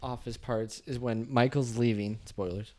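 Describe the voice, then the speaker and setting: A man's voice: mid-range voice, fairly even intonation, moderate pace, a little mellow. A young man in a casual chat with friends, telling stories in an easygoing way.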